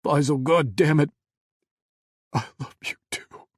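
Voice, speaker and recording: A man doing a frantic shouting lover on the phone. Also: a little high, slow, dry recording, clean studio sound, pitched above the performer's own voice. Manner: shouting, voice breaking, gasping.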